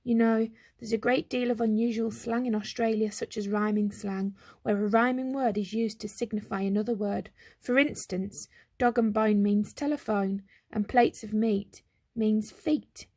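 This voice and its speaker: A woman's voice: mid-range voice, fairly even intonation, moderate pace, mellow, lightly acted. A woman voicing a fussy, chattering mother in a storybook reading. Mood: lecturing.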